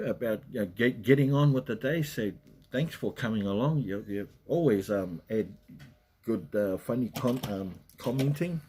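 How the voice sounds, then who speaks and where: A man's voice: mid-range voice, a little mellow, husky. A man hosting a casual livestream, chatting in a rambling way and greeting viewers by name. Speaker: livestream host. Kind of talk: casual live chat. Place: at home in Western Australia.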